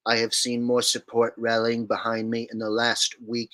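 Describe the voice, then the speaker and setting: A man's voice: mid-range voice, completely flat delivery, normal speed, sharp tone, natural voice. A man doing a brash bragging politician. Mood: boastful. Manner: bragging, emphatic, repeating "all right" and "okay". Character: boastful older male politician, brash and self-praising.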